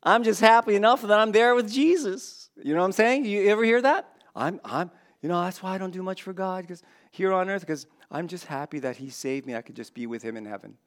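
A man delivers a sermon in a church, his voice sitting a little high for a man. He preaches in a conversational way, addressing the congregation directly and teasing those in the front rows. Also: expressive, fast. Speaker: pastor.

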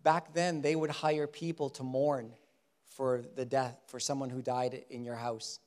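A man preaching a Bible-teaching sermon in an animated way, often acting out the people he quotes. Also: mid-range voice, measured pace. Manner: animated, acts out quoted voices.

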